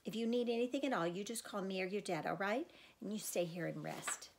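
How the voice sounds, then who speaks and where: A woman voicing a brisk mother who turns firm and clipped, her voice low and tense. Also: background noise, natural voice. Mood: soothing. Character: brisk worried mother, stern when angry.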